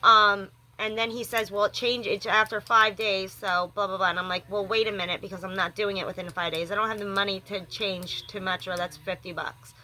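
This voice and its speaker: A woman's voice: medium pitch, steady tone, fairly quick, hardly any pauses, sharp tone. A young woman vlogging, rambling through an upset story about a phone company and acting out both sides of the calls. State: rattled and upset. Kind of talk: venting story to camera.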